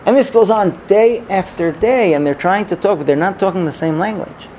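A man giving a sermon, telling a parable in an animated storytelling manner. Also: sits high, moderate pace, a little hiss or hum, rough recording. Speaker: religious teacher.

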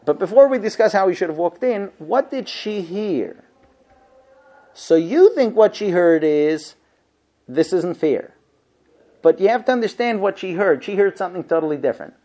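Animated male lecturer, lively pitch. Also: normal speed, dull audio. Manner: animated, acts out dialogues, rhetorical questions. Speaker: rabbi lecturing on marriage.

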